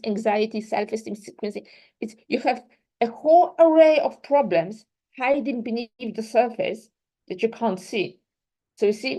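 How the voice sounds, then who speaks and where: A woman's voice: medium pitch, a little mellow, low-quality recording. A young adult woman gives a lecture to teachers and works through one example after another. She explains step by step and keeps checking in with her listeners as she moves through her slides. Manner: explains step by step with examples, often asks "right?". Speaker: teacher trainer.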